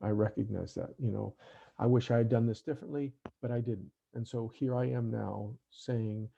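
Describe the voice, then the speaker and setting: A middle-aged man gives an online talk to parents, earnest in tone and often ending his points with "right?". He speaks at normal speed with a medium-pitched voice that is creaky and has a breathy edge. The audio has a dull, lo-fi online call quality.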